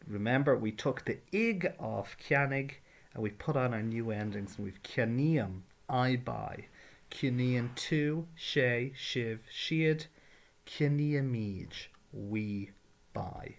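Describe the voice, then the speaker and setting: A man's voice: mid-range voice, lively intonation, takes it slowly, vocal fry. A man teaching a patient, step-by-step grammar lesson. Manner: patient, explains carefully, drills verb forms. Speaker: Irish language teacher.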